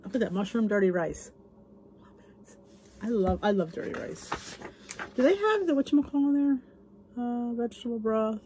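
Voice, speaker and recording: A woman's voice: on the high side, animated, moderate pace, long pauses, dark tone, slight background noise. A woman hosting her cooking channel, chatting casually as she reads recipe names aloud and gushes over the food, now and then dropping into a whisper. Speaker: cooking channel host reviewing a cookbook. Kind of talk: casual chat.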